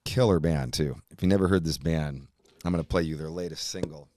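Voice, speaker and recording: A middle-aged man hosting a podcast, rambling through a profane, animated monologue. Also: a bass voice, brisk, dry recording. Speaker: podcast host. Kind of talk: casual chat.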